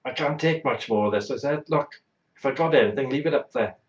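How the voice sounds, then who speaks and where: A man's voice: medium pitch, fairly quick. A man hosting a talk show, telling a blunt, exaggerated, bawdy comic anecdote. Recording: roomy, dull lo-fi sound.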